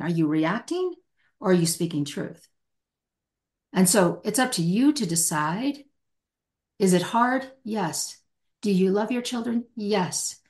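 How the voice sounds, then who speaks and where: The speaker is a middle-aged woman with a medium-pitched, slightly mellow voice. She is a hostage negotiator being interviewed on a podcast, and her answer is emphatic and passionate, with quoted speech acted out.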